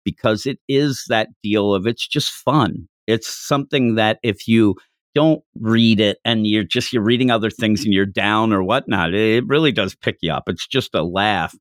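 A man co-hosting a casual podcast about comics, talking with animated energy, laughing often and acting out quoted lines in a raised voice. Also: fairly low pitch, moderate pace, no room sound, clean studio sound. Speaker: podcast co-host. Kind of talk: casual chat reviewing manga.

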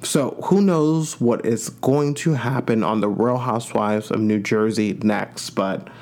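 A man's voice: lowish voice, a little slow, darkish tone. A man from Long Island, New York, hosting a podcast and giving a chatty, gossipy recap of a reality show with playful asides. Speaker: podcast host.

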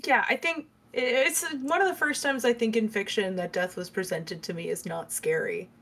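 A woman's voice: medium pitch, normal speed, a bit bright. Earnest young woman, casual and emotional. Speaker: podcast co-host. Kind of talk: casual book discussion.

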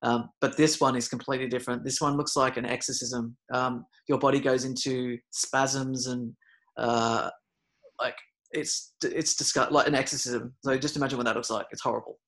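A man at a middle pitch, talking as a podcast guest in a loose, rambling way. He fills his sentences with ums and restarts. At the tense moments his voice gets louder and more animated. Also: normal speed. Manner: rambling, many fillers and restarts; gets loud and animated retelling scary moments. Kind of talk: casual storytelling.

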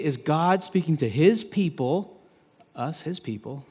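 A man in his thirties preaching a sermon as pastor, turning loud and emphatic when he quotes scripture. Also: lively intonation, a little fast. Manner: emphatic, loud and high when quoting God. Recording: long reverb of a large hall.

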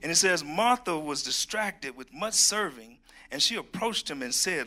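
A man's voice: fairly high pitch, moderate pace. A middle-aged man preaching a sermon, reading scripture and joking folksily with his congregation. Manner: folksy and animated, reads scripture, jokes with the congregation.

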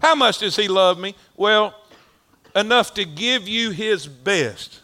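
A man's voice: high voice, animated, slow pace, sharp tone. A male preacher delivering a sermon in a folksy, rhythmic style, repeating lines for emphasis. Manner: folksy, rhythmic repetition, rising and falling emphasis.

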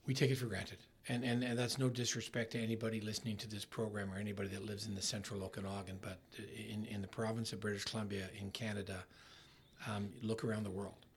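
A middle-aged man in a casual interview, talking in halting bursts with many restarts and trailing off softly. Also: fairly low pitch, flat delivery, a little hiss or hum. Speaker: ski resort marketing executive, guest.

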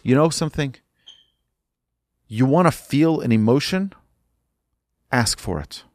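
A man's voice: medium pitch, expressive, unhurried, no room sound, clean studio sound. A man giving an urgent sermon as a religious teacher, emphatic and repeating his points.

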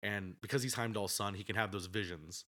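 A man's voice: lowish voice, fairly quick, fairly bright tone. A man co-hosting a casual movie review podcast, chatty and often laughing as he retells scenes. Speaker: podcast co-host.

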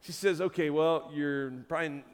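A man preaching a sermon as pastor, telling a story with lively quoted voices. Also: fairly high pitch, normal speed, clean tone, in a large hall.

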